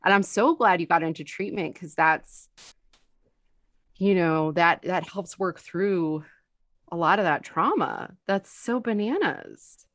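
A woman hosting a casual podcast chat, telling lively stories and laughing often. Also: lowish voice, unhurried, no echo, clean studio sound. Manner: animated storyteller, laughs a lot. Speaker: podcast host.

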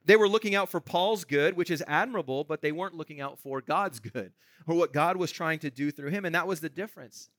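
High, bright-voiced pastor preaching. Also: male voice, a little fast, no echo. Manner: conversational, asks the room "right?". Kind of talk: sermon.

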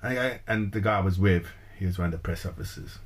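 Rambling, jokey co-host man with a lowish voice. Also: fast talker. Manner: rambling, swears, jokey storyteller. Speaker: podcast co-host. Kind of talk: casual chat.

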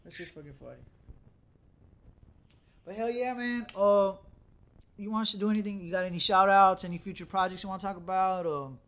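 A laid-back man hosts a loose podcast chat, talking in a fairly high voice. He rambles and swears freely, stringing thoughts together with "like.". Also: brisk, long pauses, fairly bright tone. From South Texas. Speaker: podcast host. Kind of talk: casual chat.

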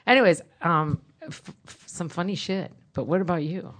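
A woman co-hosting a podcast, telling funny stories in a chatty, animated way. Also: lowish voice, normal speed. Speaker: podcast co-host. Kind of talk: casual storytelling chat.

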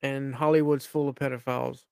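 A man hosting a podcast in casual chat, easygoing and quick to laugh. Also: medium pitch, level tone, gravelly, clean tone, dry recording, clean studio sound. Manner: laughs often, easygoing replies. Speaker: podcast host.

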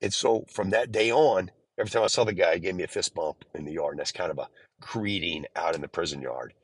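A man's voice: deep voice, fast talker, breathy edge, no echo, poor audio. A man earnestly recounting his own experience in a conversational storytelling style, often restarting his sentences. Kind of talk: personal storytelling.

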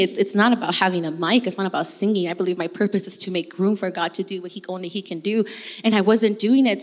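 A young adult woman giving a casual personal testimony, animated and telling her story with acted-out dialogue. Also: medium pitch. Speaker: church member sharing testimony. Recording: long hall reverb.

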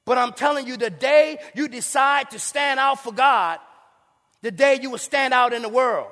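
High-pitched preaching pastor in a hall. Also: male voice, moderate pace, sharp tone. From Saint Paul, Minnesota. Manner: preaching with call-and-response asides and playful impressions. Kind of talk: sermon.

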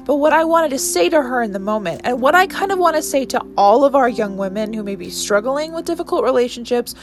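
A woman's voice: high voice, lively intonation, fast, soft background music. A woman in her twenties hosting her own podcast, talking earnestly and emotionally in a rambling monologue full of restarts. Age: 20s. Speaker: podcast host. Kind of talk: casual solo podcast monologue.

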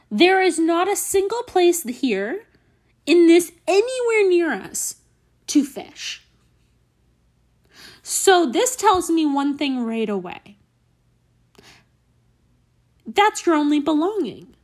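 A woman's voice: high voice, a little mellow. A young woman host in a put-on mock Southern accent, telling a profane, exasperated comedic story on a solo podcast. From Canada.

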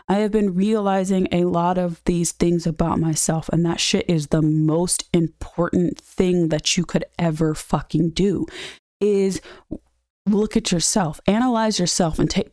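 A woman's voice: lowish voice, warm tone, dry recording, clean studio sound. A young woman hosting a podcast, venting in a candid, blunt way and swearing freely. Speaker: podcast host. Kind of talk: casual personal vent.

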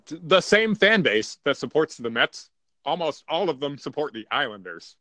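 A man's voice: on the high side, big pitch swings, moderate pace, sharp tone. A man co-hosting a podcast in casual chat, making dry, mock-serious jokes. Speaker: podcast co-host.

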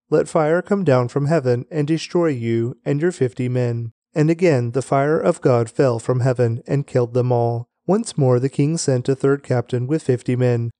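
A man giving a daily Bible reading aloud, with a measured, even delivery and slow, deliberate headings. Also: medium pitch, dry recording. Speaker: scripture reader.

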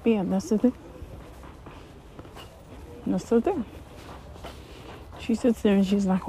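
A woman's voice: medium pitch, slow pace, long pauses, poor audio. A woman content creator ranting casually to camera, blunt and heated, swearing freely. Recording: loud background noise.

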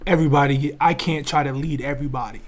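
A man on a casual podcast speaking in relaxed slang, full of restarts and "you feel me" asides. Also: a little high, fast. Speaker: podcast co-host.

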